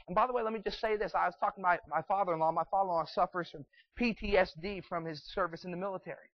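High-voiced emphatic male preacher. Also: rapid-fire, few pauses, no echo. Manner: emphatic, repeats fillers like "boy" and "man", many restarts. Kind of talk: sermon. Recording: dull lo-fi, dry sound.

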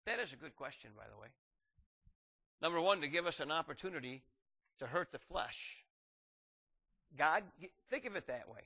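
A man's voice: lively intonation, moderate pace, long pauses. Fervent preacher man, muffled recording. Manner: rises in pitch and volume to drive points home; reads scripture aloud in King James wording. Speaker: pastor. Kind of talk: sermon.

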